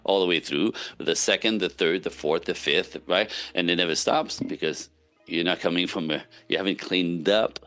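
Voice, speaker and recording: A man's voice: sits low, moderate pace, faint music behind. A man, a relationship coach speaking as a podcast guest, giving casual but emphatic advice and often checking in with "right?". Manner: emphatic, animated, frequent "right?" tags.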